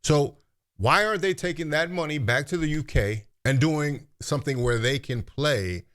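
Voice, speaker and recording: A man's voice: fairly high pitch, normal speed, a bit bright. A man hosting commentary, making a pointed, rhetorical argument. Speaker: commentary host.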